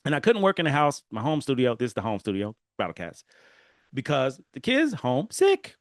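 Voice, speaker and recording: A man's voice: medium pitch, normal speed, no echo, studio quality. A man from Southern California hosting a solo podcast, telling stories animatedly and laughing as he talks straight to his listeners. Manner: animated storytelling, laughing, talking to listeners directly. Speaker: podcast host. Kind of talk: casual solo podcast monologue.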